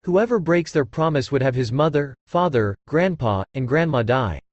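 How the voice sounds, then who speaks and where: A man voicing a calm young son-in-law who speaks flatly and coolly mocks his rival, in an audiobook. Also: a little high, normal speed, no echo, highs cut off, natural voice. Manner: flat, cool, mocking.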